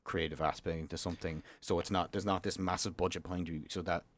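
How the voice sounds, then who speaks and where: Young man, podcast host, quick teasing chat, low voice. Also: steady tone. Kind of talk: casual chat.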